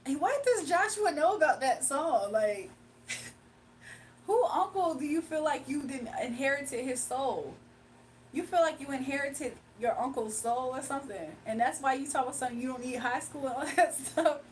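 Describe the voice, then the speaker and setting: This young streamer has a high voice and talks expressively at a moderate pace, laughing plenty and sometimes slipping into a few lines of song as she chats with viewers. Her mic is somewhat far away, picking up faint background room noise.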